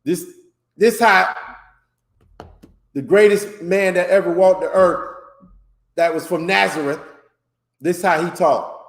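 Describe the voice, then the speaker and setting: High-pitched guy from florida teaching a class, loose and rambling, sounds echoey. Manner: loose, rambling, emphatic street talk. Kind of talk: informal religious teaching class. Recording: echoey room.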